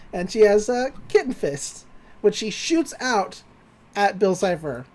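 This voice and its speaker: Woman retelling a cartoon with lively voice. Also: mid-range voice, moderate pace. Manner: animated retelling, acting out lines, laughing often. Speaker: podcast co-host. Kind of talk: casual recap chat.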